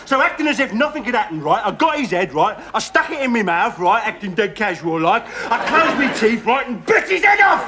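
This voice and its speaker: An actor playing a loud, blustering escaped madman in a sitcom who keeps tagging "right?" onto his threats. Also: sits high, expressive, fairly quick, few pauses, noisy background. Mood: rambling. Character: violent escaped criminal madman, male, menacing and absurd. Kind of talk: sitcom acting. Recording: TV sitcom with audience laughter.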